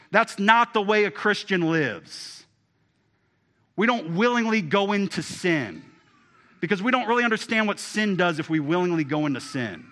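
A man preaching a sermon, emphatic and asking his listeners direct questions, swinging from loud to hushed. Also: high-pitched, sing-song, fairly quick. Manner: asks the congregation direct questions. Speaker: pastor.

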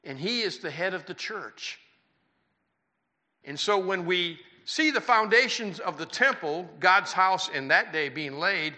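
Older male pastor, sixties, folksy sermon delivery, slightly high and very bright voice. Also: animated, unhurried. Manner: folksy, conversational preaching with rhetorical questions. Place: church.

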